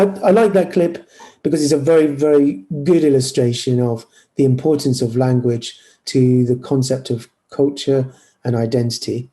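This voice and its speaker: Male lecturer on a video call, mellow tone, hesitant delivery with restarts. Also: mid-range voice. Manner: hesitant, apologetic, many fillers and restarts. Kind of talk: online lecture with screen sharing.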